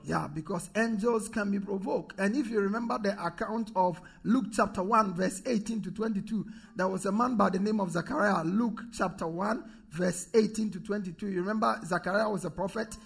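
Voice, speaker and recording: A man's voice: high-pitched, a little fast, vocal fry, hardly any pauses, husky. A male pastor preaching a sermon, emphatic, repeating key phrases and calling on the congregation to respond.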